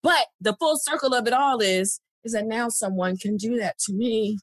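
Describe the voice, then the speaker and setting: A woman co-hosting a casual chat, telling a story with halting restarts. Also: on the high side, no echo, clean studio sound.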